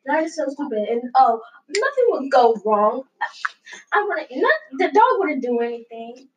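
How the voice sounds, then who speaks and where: A woman's voice: high voice, very animated, normal speed, dull audio, background noise. A woman giving blunt opinions in a casual chat, hesitant and full of fillers.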